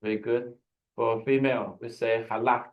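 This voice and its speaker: A man's voice: mid-range voice, level tone, normal speed, creaky, muffled recording. A man teaching a Hebrew lesson over a video call, explaining patiently with frequent restarts and fillers. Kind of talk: online language lesson.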